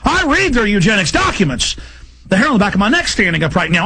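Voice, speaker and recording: A gravelly, bright-toned man hosting talk radio, riding a high voice for a man. He rants in a fast, agitated stream that keeps climbing into shouts. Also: lively intonation. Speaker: radio host. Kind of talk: heated talk radio rant.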